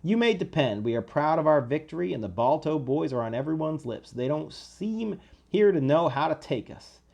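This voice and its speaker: A man's voice: a little high, lively intonation, normal speed, creaky, darkish tone. A man voicing a proud young Southern soldier reading his letter home, with a put-on American Southern accent and a boastful, spirited delivery.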